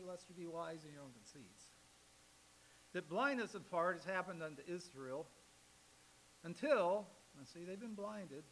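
Male pastor, sermon delivery, bright high voice, faint tape hiss. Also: lively intonation, a little slow, pauses often, rough recording. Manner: emphatic, swings loud on key phrases; reads scripture aloud with rising force.

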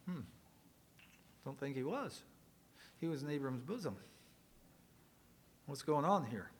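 A male preacher giving a sermon, swinging from loud emphatic lines to quiet asides and joking with the congregation. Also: a little high, lively intonation, takes it slowly, husky.

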